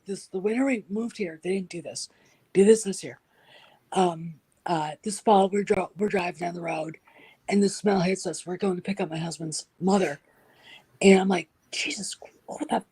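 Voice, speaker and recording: Woman, husky, casual chat, animated storyteller, mid pitch. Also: poor audio. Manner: animated storyteller, acts out quotes.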